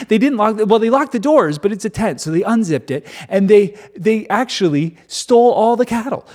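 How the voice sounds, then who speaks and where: A man reads scripture and breaks in with irreverent, sarcastic asides. His pitch sits slightly high and swings animatedly. The delivery is chatty and mocking. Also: big pitch swings, moderate pace, darkish tone. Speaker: host reading scripture. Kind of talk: bible reading with sarcastic commentary.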